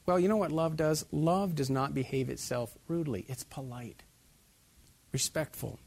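A man's voice: on the high side, moderate pace, gravelly, darkish tone, dry recording. A man preaching a sermon as pastor, putting many direct questions to his listeners.

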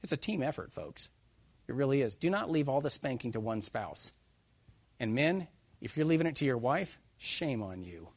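A man preaching a sermon, emphatic and animated, joking with his listeners. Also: medium pitch, normal speed, breathy edge, dry recording. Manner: emphatic, animated, jokes with the congregation.

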